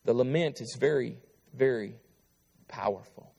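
A male pastor preaching a sermon, reading scripture aloud with pleading intensity that swells and then falls quiet. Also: medium pitch, a little slow, vocal fry, breathy edge, long reverb tail. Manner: impassioned, rising to pleading cries then dropping quiet.

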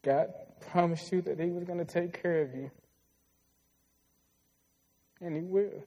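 A young man voicing a gentle mother comforting her frightened child during a sermon, speaking in a soft, reassuring way. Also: high voice, fairly even intonation, brisk, dull audio, voice pushed up. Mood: soothing.

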